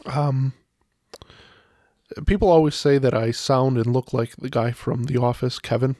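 A man's voice: medium pitch, steady tone, measured pace, warm tone, no room sound, studio quality. A man of Greek heritage, a former teacher, guesting on a podcast in casual chat with a wry, self-deprecating manner.

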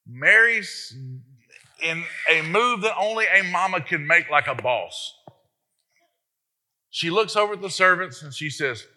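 Bright-voiced, animated male preacher. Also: fairly high pitch, unhurried, pauses often. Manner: animated and emphatic, with rhetorical questions. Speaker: pastor. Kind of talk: sermon.

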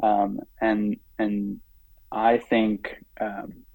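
Gravelly, flat-voiced man speaking earnestly. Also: fairly low pitch, no room sound, poor audio. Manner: earnest, halting, with frequent fillers and restarts. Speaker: podcast guest. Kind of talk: reflective conversational storytelling.

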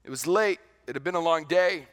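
A man preaching a sermon as a pastor in a conversational, animated way, often restarting and repeating words. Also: on the high side, brisk.

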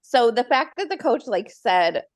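A woman's voice: fairly high pitch, big pitch swings, measured pace. A woman co-hosting a podcast in casual chat, telling things in a chatty way. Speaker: podcast co-host.

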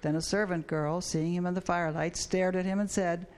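A class member reads a scripture passage aloud to the group in a steady, even delivery. The voice sits at a middle pitch. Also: fairly quick, few pauses. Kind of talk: reading aloud.

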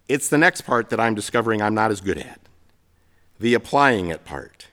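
A middle-aged man delivers a sermon at a mid-range pitch. He tells personal stories with gentle, self-deprecating humor. His delivery is a preacher's, speaking to a congregation. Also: clear, resonant tone. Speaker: pastor.

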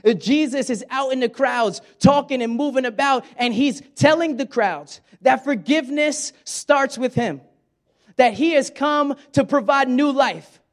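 Middle-aged male pastor, very high-pitched, conversational sermon delivery. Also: unhurried. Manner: conversational preaching, acts out quoted lines.

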